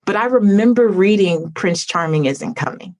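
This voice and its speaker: A woman's voice: mid-range voice, animated, moderate pace, a little mellow. A woman hosting a podcast interview over a video call, talking in an effusive, heartfelt way with lots of "like.". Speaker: podcast host. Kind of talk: conversational interview.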